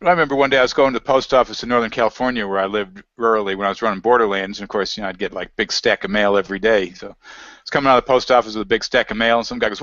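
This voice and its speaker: A man's voice: on the low side, rapid-fire, fairly bright tone, no room sound. Rambling man telling anecdotes, lo-fi. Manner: rambling, anecdotal, laughs often. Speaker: guest researcher. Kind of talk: casual conversation. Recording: dull lo-fi audio, dry.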